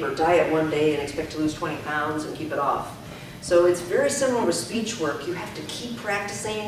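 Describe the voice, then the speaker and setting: An energetic woman coach projects her voice across a meeting room, leading repeat-after-me drills. She sounds far from the mic in a very echoey space, with steady background noise underneath. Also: lowish voice. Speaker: speaking coach presenting to a club. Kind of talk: presentation with call-and-repeat drills.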